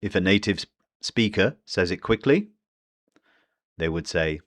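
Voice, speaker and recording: A British man with a notably low voice gives an English pronunciation lesson. He says each example phrase slowly and deliberately, then repeats it to show how it is linked in real speech. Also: lively intonation, a bit bright. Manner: slow, deliberate modelling of phrases. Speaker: English teacher.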